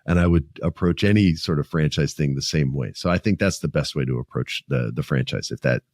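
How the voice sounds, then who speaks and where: A man in his forties hosting a casual podcast, talking in an animated, profane way and acting out the people he quotes. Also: very deep voice, fairly quick, no room sound, studio quality. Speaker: podcast host.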